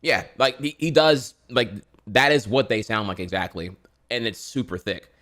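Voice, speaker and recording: A man's voice: mid-range voice, expressive, normal speed, a bit bright. A man from Florida streaming casual reaction commentary, rambling with lots of fillers and swearing.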